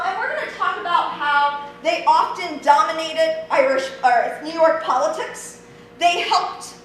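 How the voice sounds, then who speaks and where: A woman's voice: sits high, a bit bright. A woman from Ohio giving a friendly, conversational history lecture with many ums. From Ohio, USA. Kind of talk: public lecture. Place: large church hall. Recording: very echoey hall, distant mic, faint noise.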